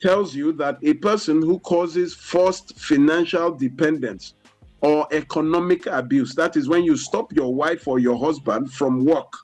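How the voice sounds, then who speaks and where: A man's voice: a little high, darkish tone, faint music behind, low-quality recording. Nigerian man explaining on radio. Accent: Nigerian English. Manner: deliberate, explanatory, peppered with "you know". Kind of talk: radio talk show explanation. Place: radio studio.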